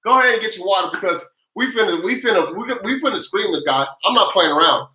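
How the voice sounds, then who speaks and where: A lively livestream host who runs a tax news recap with playful hype, slang and countdowns, calling out viewers by name. The voice is bright and cutting. It sounds roomy and echoey. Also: mid-range voice, fast talker. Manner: energetic and playful, with casual slang, chanting and countdowns.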